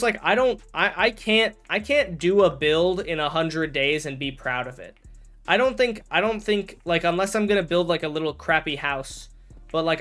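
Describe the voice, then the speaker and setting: A man's voice: fairly high pitch, a bit bright, clear, resonant tone. A man streaming a game and chatting casually, rambling and correcting himself as he talks, with jokey mock outrage. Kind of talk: casual livestream chat while gaming.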